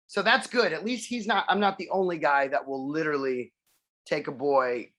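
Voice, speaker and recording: A man's voice: fairly high pitch, moderate pace, a bit bright. A man chatting casually on a video call, telling rambling stories, laughing often and acting out the voices. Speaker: musician guest.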